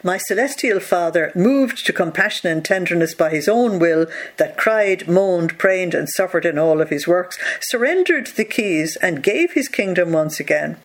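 A teacher reading a devotional text aloud, slowing down on key phrases and stopping to explain them with rhetorical questions. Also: mid-range voice, lively intonation. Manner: reads passages slowly, then explains with rhetorical asides.

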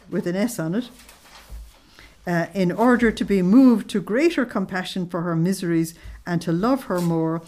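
A woman's voice: mid-range voice, mellow. A woman leading a spiritual study group. She reads passages aloud, stops to explain them, and asks her listeners tag questions. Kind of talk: religious teaching with read-aloud passages.

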